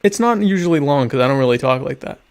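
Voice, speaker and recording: A man's voice: mid-range voice, expressive, fast talker, darkish tone. A young man hosting a casual live-streamed talk show, reading viewer questions aloud and answering with sardonic, mock-pompous humor. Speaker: podcast host.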